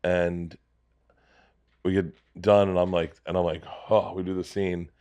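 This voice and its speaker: A middle-aged man with a fairly low voice tells a story in a casual podcast chat. He is crude and animated, and he slips into other people's voices as he goes. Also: unhurried, smooth. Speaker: podcast guest.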